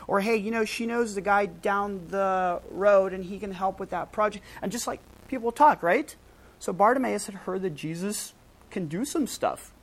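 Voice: medium pitch, measured pace, poor audio. A preacher giving a casual, conversational sermon, using slang and acting out quoted lines with a raised voice.

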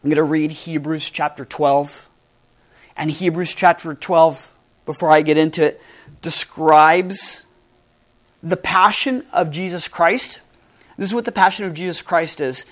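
A woman pastor preaching a sermon in an earnest, emphatic way, stressing and spelling out key words. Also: on the low side.

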